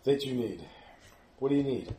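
A man's voice: mid-range voice, moderate pace, dark tone, roomy sound, slight background noise, pitched below the performer's own voice, natural voice. A man voicing a frightened young former innkeeper who stammers and pleads. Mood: cowed.

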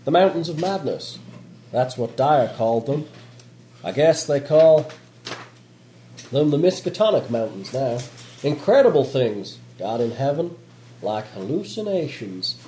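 A man putting on a weary, gruff radio operator with a Southern American drawl, brooding over dark memories. His pitch swings widely as he talks. The tabletop recording sounds roomy with a faint hiss behind it. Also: big pitch swings, measured pace, long pauses. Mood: ominous. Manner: gruff, brooding, ominous storytelling. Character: weary male radio operator at a polar base.

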